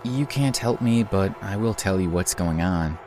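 A man's voice: low-pitched, animated, a little slow, over music. A man voicing a bitter young mother. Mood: wistful. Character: defiant young single mother, woman.

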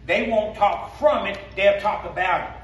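In a church sanctuary, a male pastor with a Black speech pattern delivers a call-and-response sermon at normal speed, his high voice rising into shouts. The recording is distant, with him set back from the mic and the room echoing each line.

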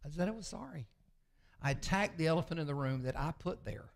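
A man, a pastor preaching a sermon with folksy, confessional storytelling that often sinks to a low murmur. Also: animated, brisk, creaky. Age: 60s.

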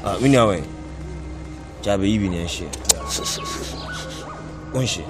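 A blunt, low-voiced middleman. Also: takes it slowly, over music. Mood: firm. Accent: Ghanaian.

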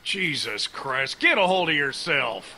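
A grizzled, hard-bitten uncle barks orders to the survivors in a game. His speech is stern and blunt, and his tone stays bright and hard-edged. Under him lies a faint hiss. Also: fairly high pitch, very animated, unhurried, exaggerated voice, low-quality recording. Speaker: video game character. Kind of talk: game dialogue.

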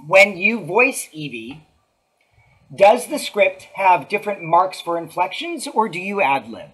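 A woman's voice: medium pitch, sing-song, measured pace, a bit bright, rough recording. A woman hosting a live-streamed interview, relaying viewer questions with short replies in between. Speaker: stream host.

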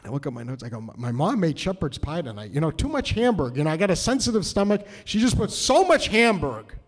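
A man from New Hampshire telling a story on stage, nervous and halting, with many restarts. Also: on the high side, big pitch swings. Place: cultural center hall, live audience.

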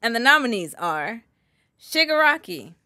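A woman's voice: fairly high pitch, sing-song, a little slow, sharp tone, dry recording, clean studio sound. A woman co-hosting a podcast, announcing award categories and teasing her co-hosts in casual chat.

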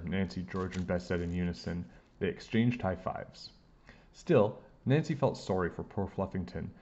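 A man reading a children's book aloud with expressive delivery. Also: deep voice, moderate pace, dull audio. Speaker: storybook reader.

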